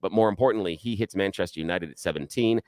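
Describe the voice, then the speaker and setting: A man hosting a radio talk show, chatting casually and telling animated stories, acting out other people's voices. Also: sits low, fast, no echo. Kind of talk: casual on-air chat.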